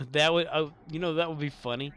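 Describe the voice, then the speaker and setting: A man's voice: a little high, steady tone, normal speed, a bit bright, slight background noise. Laughing man streaming. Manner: laughs often, loose and joking, trails off in restarts. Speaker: game streamer. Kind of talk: casual live-stream chat.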